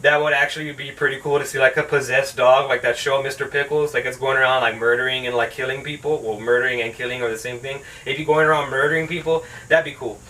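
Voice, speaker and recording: A man's voice: mid-range voice, fairly even intonation, fast, hardly any pauses, bright, forceful tone, far from the mic, poor audio. A man hosting his own channel, ranting through a sarcastic, profanity-heavy casual movie review. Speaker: film reviewer, channel host.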